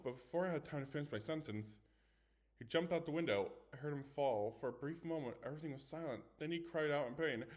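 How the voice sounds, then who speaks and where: A man's voice: a little high, fairly quick. Man reading a ghost story aloud. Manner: dramatic first-person reading with small stumbles. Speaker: story reader. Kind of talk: reading scary stories aloud.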